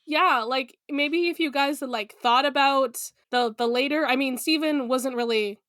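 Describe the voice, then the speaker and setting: High-voiced, chatty woman podcast co-host. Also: moderate pace, fairly bright tone, dry recording, clean studio sound. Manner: chatty, giggly, lots of fillers. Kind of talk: casual recap chat.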